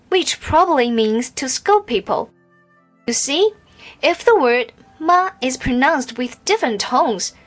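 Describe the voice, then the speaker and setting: Slow, careful woman teacher. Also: fairly high pitch. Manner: slow, careful, demonstrating each tone clearly. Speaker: Chinese language teacher. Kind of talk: scripted lesson narration.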